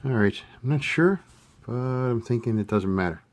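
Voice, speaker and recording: A man giving a casual hands-on modeling tutorial, thinking aloud with relaxed fillers as he works. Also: mid-range voice, moderate pace. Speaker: scale model hobbyist demonstrating a kit build.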